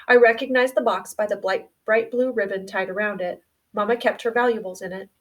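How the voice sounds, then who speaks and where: Quiet woman reading a novel aloud. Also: medium pitch, steady tone, brisk, far from the mic. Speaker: audiobook reader.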